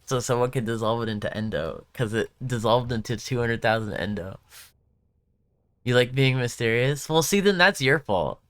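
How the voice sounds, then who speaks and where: A young man in casual live-stream chat, his voice smooth and clear at a middle pitch. He rambles and corrects himself as he tells stories and answers viewers' questions. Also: animated, moderate pace, fairly bright tone, no room sound.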